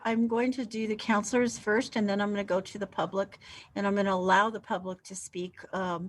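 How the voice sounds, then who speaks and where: A woman presiding over a city council meeting, briskly calling on speakers. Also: medium pitch. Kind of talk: chairing a meeting.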